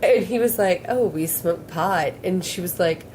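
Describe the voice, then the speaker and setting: A young woman drawls through a casual podcast story at an unhurried pace, her voice sitting a little low. She rambles, swears freely and keeps breaking into giggles, with a faint hiss of noise under the recording. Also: darkish tone, low-quality recording. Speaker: podcast host.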